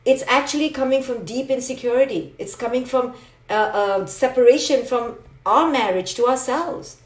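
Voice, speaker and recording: A woman's voice: fairly high pitch, normal speed, echoey room. A woman psychologist giving a live motivational talk, emphatic and repetitive, speaking directly to her listeners. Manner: emphatic, repetitive, direct address with acted asides.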